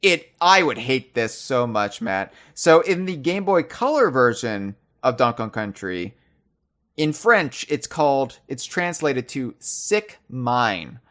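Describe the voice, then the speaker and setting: A man's voice: medium pitch, big pitch swings, slow pace. Casual podcast host man. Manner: playful, shouts bits of trivia as a running joke. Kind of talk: casual chat.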